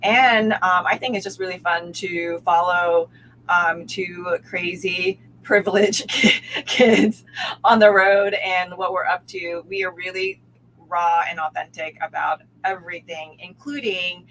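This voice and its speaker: A woman coach signs off from a video call, upbeat and friendly. Her pitch is middling, with faint noise behind her. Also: fairly even intonation, measured pace, fairly bright tone, poor audio. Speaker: guest coach. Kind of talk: casual sign-off chat.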